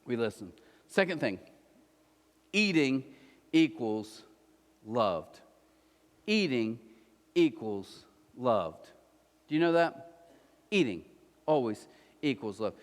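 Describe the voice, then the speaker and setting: A man preaching a conversational sermon who acts out little scenes in quick put-on voices. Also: medium pitch, sing-song. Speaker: pastor. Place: church auditorium. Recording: long hall reverb.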